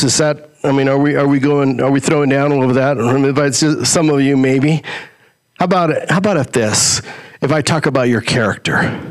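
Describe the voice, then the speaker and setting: A male pastor preaching a sermon, asking rhetorical questions, swinging between raised, quick lines and low, drawn-out ones.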